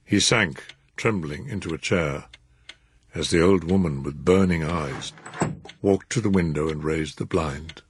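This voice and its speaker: A man narrating a story in an expressive, measured reading. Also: rumbling low, slight background noise. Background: music.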